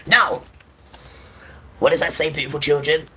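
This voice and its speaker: A man's voice: a little high, moderate pace, pushed and bright, recorded from a distance, low-quality recording. A man preaching and ranting to viewers on a livestream, often checking in with "right?".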